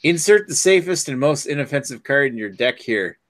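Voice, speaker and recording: Give a man a lively, swinging pitch as he chats casually with friends over an online card game. He reads cards aloud and laughs along with the banter. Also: fairly quick.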